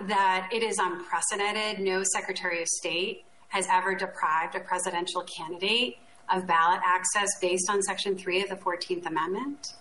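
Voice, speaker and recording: Bright-voiced woman in an echoey clip. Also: medium pitch, a little hiss or hum. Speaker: state official. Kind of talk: measured public statement.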